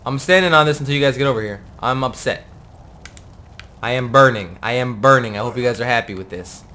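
A man giving casual gameplay commentary in a profane, excitable and joking way. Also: mid-range voice, brisk, slight background noise.

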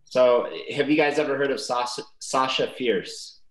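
A man's voice: mid-range voice, fairly even intonation, moderate pace, a bit bright, reverberant, rough recording. A man giving earnest motivational sales advice in a casual webinar chat. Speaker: sales prospecting guest.

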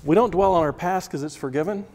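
Teaching a Bible class as a sermon, a man preaches emphatically, repeating phrases and asking rhetorical questions. He talks fast in a high, darkish voice, and a large hall's long reverb fills the recording.

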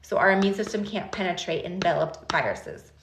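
A woman in her thirties hosting a live stream, talking casually and directly to her viewers in an animated, chatty way. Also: fairly low pitch, a little fast, slight background noise. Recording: echoey room.

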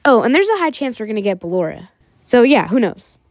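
Woman, bubbly chatty unboxing vlog, lively up-and-down voice, fairly high, faint music behind. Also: fairly quick, no echo. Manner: bubbly and chatty, giggly asides. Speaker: toy reviewer.

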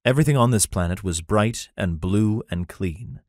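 Guy reading an audiobook, low voice, dry booth sound, plain even delivery. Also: moderate pace, dry recording. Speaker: audiobook narrator. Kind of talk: scripted narration.

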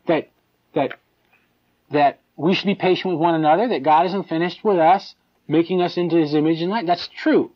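A man giving a live sermon in a conversational, animated way, with mocking asides and chuckles. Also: fairly high pitch, brisk. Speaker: preacher. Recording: dull lo-fi live tape.

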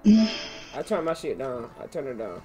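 A woman streaming a shooter game, chatting loudly and profanely with a friend over a headset, her throat strained as if her voice is giving out. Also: extremely low pitch, very animated, brisk, over music. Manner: loud, profane, teasing banter. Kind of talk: casual gaming chat. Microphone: gaming headset.

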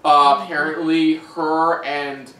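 A man's voice: on the high side, level tone, slow pace, sharp tone. A man co-hosting a reaction show, recapping an episode in a casual, hesitant way with many ums and restarts. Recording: echoey room, mic at a distance, faint noise.

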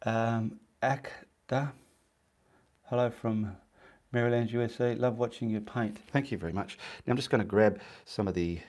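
A man with a medium-pitched, darkish voice and fairly even intonation talks at a moderate pace while demonstrating painting live. Working in an indoor home studio, the instructor stays chatty and casual, muttering to himself between steps.

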